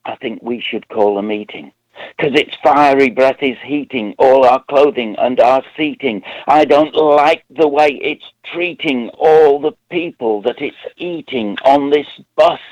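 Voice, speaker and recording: Man performing rhyming poetry slowly. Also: mid-range voice, no room sound, low-quality recording. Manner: steady rhyming beat, deliberate delivery. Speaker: poet.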